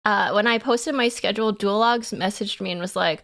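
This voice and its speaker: A woman's voice: mid-range voice, moderate pace, vocal fry, few pauses, a bit bright. A woman livestreamer chatting casually with her chat in a playful, giggly way.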